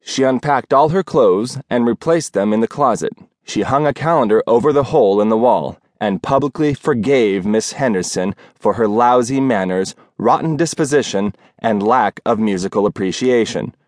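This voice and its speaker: A male audiobook narrator reading a novel in a measured, wry storytelling manner. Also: mid-range voice, no echo, studio quality. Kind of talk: scripted narration.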